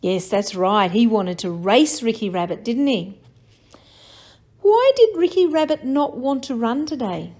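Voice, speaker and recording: Woman, children's teacher, lively sing-song pitch, slightly high, unhurried. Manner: encouraging, sing-song tag questions. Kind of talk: story review questions for children.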